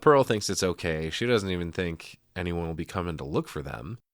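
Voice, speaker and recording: A man's voice: low-pitched, expressive, a little fast, dry recording, studio quality. A man co-hosting a podcast, casually recapping a horror movie scene by scene with profane jokes and laughter. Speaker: podcast co-host. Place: podcast studio.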